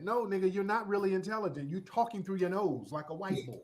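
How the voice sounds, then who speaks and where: A man's voice: high-pitched, animated, fast, few pauses, darkish tone. A man giving blunt, profane commentary on a live-streamed panel talk, lecturing in a casual way. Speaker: panel speaker.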